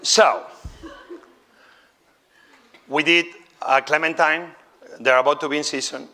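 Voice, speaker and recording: A man with a bright, forceful voice and a slightly high pitch leads a live cooking demonstration. English is not his first language. He moves between showy announcements and a candid, conversational style. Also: fairly even intonation, slow. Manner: showman-like, exclaiming, then candid and conversational. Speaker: chef giving a demonstration lecture.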